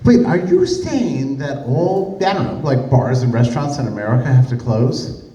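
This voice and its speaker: A man's voice: mid-range voice, lively intonation, normal speed, warm tone, lightly acted. A man imitating a male reporter pressing a pointed question. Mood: incredulous. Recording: echoey room, distant mic.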